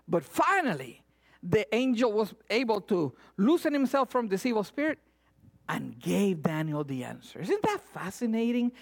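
Animated woman preaching a sermon. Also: medium pitch, moderate pace, gravelly. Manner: animated, acts out voices and cries.

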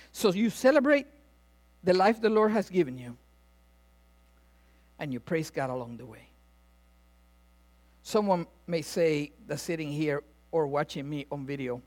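A man's voice: a little high, a little slow, pauses often. A middle-aged man preaching a sermon, telling a funny personal story and acting out the people in it before turning to his message. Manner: animated storyteller, laughs often, acts out voices. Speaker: pastor. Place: church or venue with audience, also filmed.

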